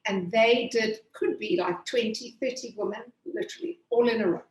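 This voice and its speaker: A woman pastry chef explains her dish step by step, chatty and full of little fillers. Her voice sits a bit high. The room around her is echoey. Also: normal speed. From Zimbabwe. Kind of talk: cooking demonstration with chat.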